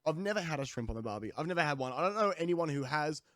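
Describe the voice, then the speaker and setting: A man's voice: expressive, very fast, fairly bright tone, dry recording. Australian man, young, comedic rant, rambling restarts, dry close sound. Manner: rambling, restarts, swears, jumps in pitch when worked up. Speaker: streamer.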